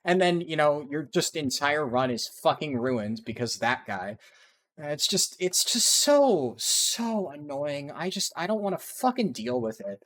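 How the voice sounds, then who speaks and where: A man's voice: fairly high pitch, animated, normal speed, a bit bright. A man giving ranting, profanity-heavy commentary over his speedrun gameplay. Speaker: speedrunner and video creator.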